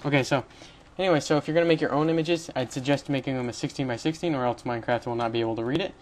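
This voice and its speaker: A man's voice: medium pitch, rapid-fire. A young man hosting a casual screen-recorded coding tutorial, rambling and correcting himself as he goes. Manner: rambling, self-correcting, chatty with little laughs. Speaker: tutorial host.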